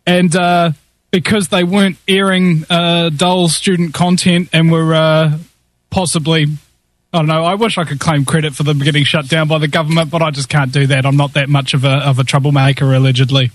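Jokey New Zealand radio host. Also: male voice, a little high, level tone, fairly quick. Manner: jokey, rambling, many uh fillers. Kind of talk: casual interview hosting.

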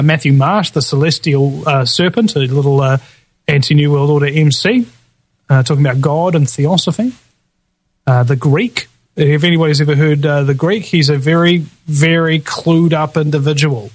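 A man's voice: on the high side, no echo. A man hosting a podcast, casually running through past guests in a rambling way, with lots of fillers and chuckling asides. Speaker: podcast host.

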